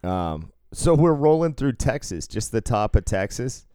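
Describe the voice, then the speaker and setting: A man's voice: mid-range voice, big pitch swings, unhurried, mellow, clear, resonant tone, dry recording. A man from the Northeastern US telling a rambling, profane road-trip story in casual podcast chat. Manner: rambling, profane, laughs through stories.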